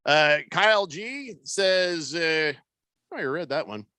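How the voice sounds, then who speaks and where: A man's voice: fairly high pitch, expressive, unhurried, bright, forceful tone, clean tone, no room sound. A man hosting a sports radio show in casual chat, rambling loosely with plenty of fillers and restarts. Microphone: studio microphone.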